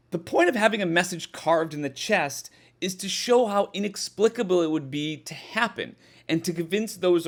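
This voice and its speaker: A man reviewing a horror movie in a casual, exasperated way, with a slightly high voice. His pitch swings widely as he mocks the film, and he swears freely.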